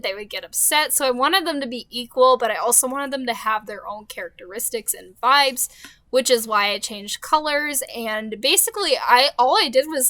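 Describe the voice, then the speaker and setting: Bright, high-voiced chatty woman. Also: no echo. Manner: chatty, rambling, laughs often, lots of "um" and "like". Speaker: game builder narrating her build. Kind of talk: casual voiceover. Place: home.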